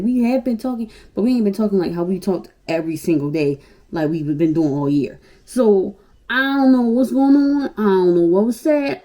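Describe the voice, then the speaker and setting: A woman in her twenties from Baltimore, telling a story for a casual vlog in a blunt, profane, animated way. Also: medium pitch. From Baltimore, Maryland, USA. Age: 20s. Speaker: YouTuber.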